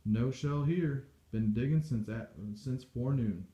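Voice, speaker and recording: A man voicing a simple-minded, toothless old fisherman who drawls slowly in a rustic way, in a storybook reading. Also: medium pitch, mellow, lightly acted. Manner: slow, drawling rustic speech. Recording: dull echoey home recording.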